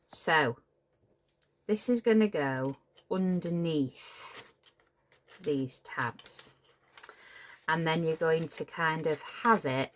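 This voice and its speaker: A woman's voice: low voice, a bit bright, slight background noise. A middle-aged woman, casually demonstrating a papercraft build, chatty and apologetic and prone to tangents. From Cheshire, England. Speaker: papercraft tutorial host.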